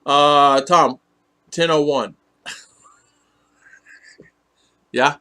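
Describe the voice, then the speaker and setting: A man hosts a casual live stream, reading viewers' comments aloud and teasing them in a chatty way while laughing often. His mid-range voice is fairly bright, with lively intonation at a normal speed.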